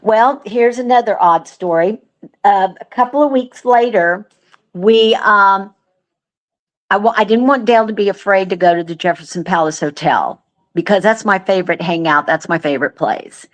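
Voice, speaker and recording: A woman guest telling a story in casual chat, earnest and animated, with lots of fillers. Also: mid-range voice, normal speed. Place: remote call.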